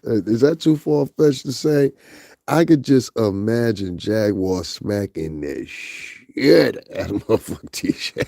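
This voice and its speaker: Gravelly low-voiced man gossiping. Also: expressive, measured pace, warm tone, dry recording, clean studio sound. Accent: Northeastern US. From US tri-state area. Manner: laughs often, crude and joking. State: sleepy, up early. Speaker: commentary channel host. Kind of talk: casual gossip commentary.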